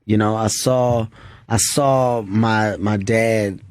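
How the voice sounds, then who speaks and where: A man's voice: lowish voice, fairly even intonation, slow, dry recording. A comedian guest, a man, telling candid stories in a studio interview, earnest and repeating phrases as he goes. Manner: earnest, repeats phrases, acts out others' voices.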